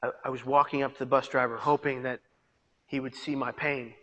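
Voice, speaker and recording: A man giving a personal testimony as a peer mentor, storytelling dramatically and swinging between hushed and loud delivery. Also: medium pitch, little pitch movement, a little fast, muffled recording. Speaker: peer mentor and suicide prevention speaker. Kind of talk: personal testimony to a live audience. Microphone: video call.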